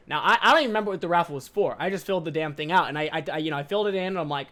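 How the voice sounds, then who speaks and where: A high-voiced young man hosting a podcast in a casual storytelling monologue. He is animated and self-mocking, and he swears freely. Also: racing, few pauses. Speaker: podcast host.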